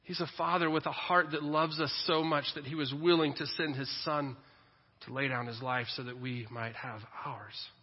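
A middle-aged man preaching a sermon in a church, swinging between loud emphatic lines and soft tender ones. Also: on the high side, fairly even intonation, moderate pace, husky. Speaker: pastor. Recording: echoey hall, dull lo-fi audio.

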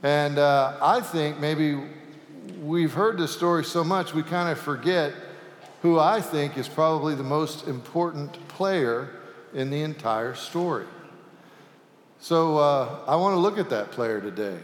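A man's voice: a little high, measured pace. A male pastor preaching a sermon in a church sanctuary, telling a folksy joke-filled story. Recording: echoey sanctuary with long reverb.

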